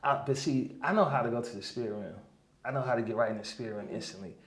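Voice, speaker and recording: A man telling a story as a guest in a casual interview, animated, often checking in with "right?" and "you know what I'm saying?". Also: medium pitch, fast talker. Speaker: guest healer.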